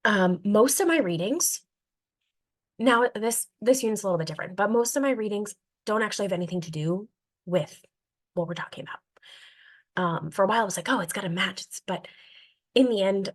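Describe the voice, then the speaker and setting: A woman's voice: mid-range voice, normal speed, pauses often. A woman who teaches languages to young students, chatting casually about her reading strategies with lots of fillers and acted-out classroom exchanges. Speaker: elementary world language teacher.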